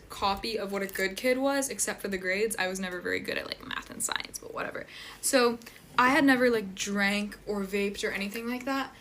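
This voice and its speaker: A woman's voice: mid-range voice, a bit bright, slight background noise. A teenage girl rambling through a casual storytime while getting ready at home, filling every sentence with "like". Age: teens. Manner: rambling, heavy use of "like" fillers.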